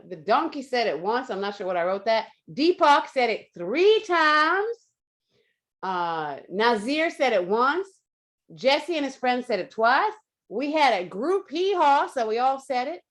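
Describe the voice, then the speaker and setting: A woman with a drawl reads back highlights from an online meeting, effusive and quick to laugh. Her voice sits a touch high. She comes through a video call. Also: a bit bright. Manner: effusive, quotes speakers, laughs often. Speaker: meeting grammarian. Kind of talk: enthusiastic meeting report.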